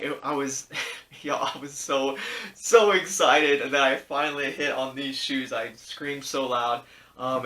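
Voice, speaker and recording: Earnest bright-voiced man rambling in an echoey room. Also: medium pitch, recorded from a distance. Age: 30s. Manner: rambling, earnest, encouraging, many fillers and restarts. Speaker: sneaker YouTuber. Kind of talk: casual storytelling vlog.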